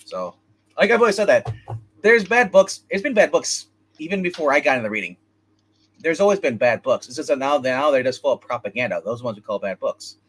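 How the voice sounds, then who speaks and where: A man's voice: mid-range voice, big pitch swings, a little fast, fairly bright tone, husky. A man co-hosting a casual comics livestream, rambling and opinionated as he chats with a co-host and viewers. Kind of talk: casual live-stream chat.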